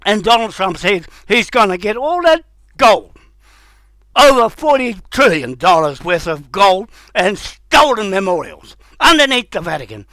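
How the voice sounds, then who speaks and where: High-pitched New man ranting angrily. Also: very animated, measured pace, dry recording, rough recording. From New Zealand. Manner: heated, confrontational, swearing, bursts into shouting. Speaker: vlogger. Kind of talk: angry ranting monologue.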